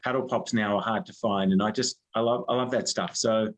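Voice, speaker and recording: A man's voice: on the low side, steady tone, a little fast, rough recording. An Australian man, a guest on an interview show, chatting casually and thinking aloud with many fillers and restarts. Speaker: HR firm director, guest.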